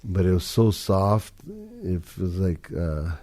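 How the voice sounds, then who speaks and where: A man's voice: deep voice, fairly even intonation, slow, darkish tone. A man telling a story in a casual, laid-back, profane way on a talk show.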